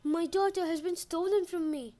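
A woman's voice: very high voice, steady tone, moderate pace, warm tone, pitched above the performer's own voice. A woman voicing a grieving goddess disguised as an old woman, putting on an old lady voice. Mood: sobbing.

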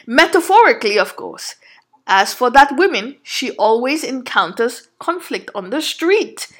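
A woman's voice: high voice, fairly bright tone. A woman telling a personal story in an earnest, emphatic monologue, sometimes restarting her sentences. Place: Canada.

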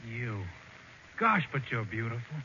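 A man's voice: medium pitch, sing-song, measured pace, sharp tone, heavily acted. An actor playing a shy, lovesick freckled young man in a 1940s radio comedy, earnest and pleading. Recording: muffled old radio broadcast with hiss.

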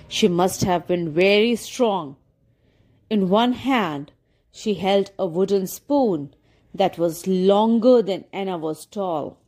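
A woman gently and expressively narrating a children's fairy tale. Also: medium pitch, takes it slowly. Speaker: storyteller. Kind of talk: scripted storybook narration.

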